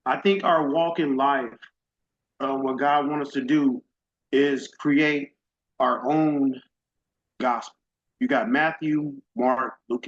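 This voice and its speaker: A middle-aged man speaking at a summit, giving a heartfelt personal testimony in an emotional, faith-driven, casual and direct way. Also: mid-range voice. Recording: dull lo-fi audio.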